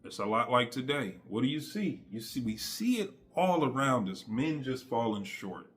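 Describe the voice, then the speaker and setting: Man, casual testimony, slangy and emphatic, animated delivery, bright tone. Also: mid-range voice, moderate pace. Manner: conversational, slangy, emphatic preaching. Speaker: faith vlogger.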